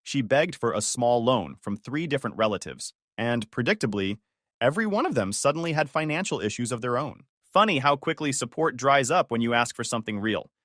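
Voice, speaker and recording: A man reads a scripted first-person story in a bitter, matter-of-fact tone. His pitch sits in the middle but moves around a lot. The sound is dry and close. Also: sing-song, a little fast, a bit bright, no echo.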